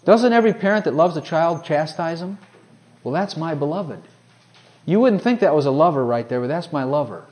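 A man preaching a sermon, swinging from hushed, personal asides to loud, ringing scripture quotes. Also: on the high side, lively intonation, normal speed.

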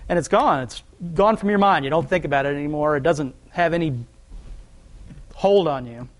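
A man's voice: a little high, lively intonation, a little fast. Folksy, conversational male preacher. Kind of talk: sermon.

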